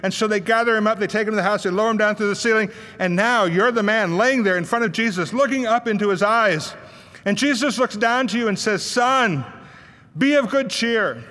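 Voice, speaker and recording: High, bright-voiced preacher in an echoing hall. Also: male voice, fast talker. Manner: storytelling, acts out the voices of people in the Bible story. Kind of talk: sermon.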